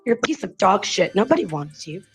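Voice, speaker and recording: A woman's voice: mid-range voice, big pitch swings, brisk, breathy edge, faint music behind. A woman ranting angrily on a live stream, profane and confrontational. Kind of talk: heated live-stream rant.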